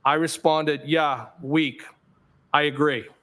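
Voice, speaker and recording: A man testifying in a courtroom as a witness, reading out text messages in a measured way and naming the punctuation aloud. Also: a little high, steady tone, a bit bright. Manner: measured reading aloud, reads punctuation such as "question mark" aloud.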